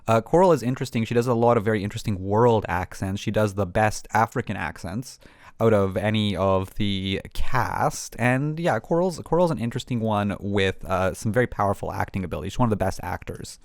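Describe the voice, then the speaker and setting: A man's voice: fairly low pitch, fairly quick, no echo, clean studio sound. A man hosting a casual coding tutorial, rambling with many ums and restarts. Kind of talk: casual screen-recorded tutorial.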